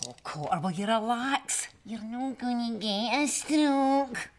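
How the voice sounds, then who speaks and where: An actress playing a brisk, scolding Glaswegian wife in a sitcom. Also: female voice, a little high. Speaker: Ella, a neighbour's wife. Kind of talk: sitcom acting. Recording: noisy TV soundtrack.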